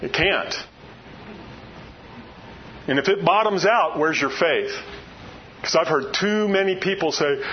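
Folksy older man preaching, fairly high voice. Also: expressive, unhurried, lo-fi sound, a little hiss or hum. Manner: folksy, full of rhetorical questions. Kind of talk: sermon.

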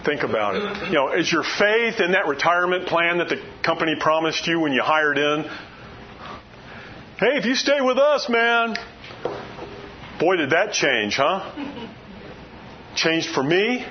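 An older man delivers a folksy sermon, peppering it with rhetorical questions. His voice sits a bit high for a man. The recording is dull and lo-fi, with a faint hiss underneath. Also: animated, moderate pace. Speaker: preacher.

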